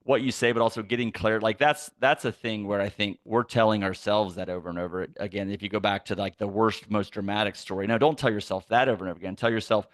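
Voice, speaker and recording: A man's voice: fairly low pitch, steady tone, fast talker, few pauses, no room sound, studio quality. A man hosting a business podcast, casual and affirming, restarting his sentences often. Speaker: podcast host. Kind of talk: interview chat.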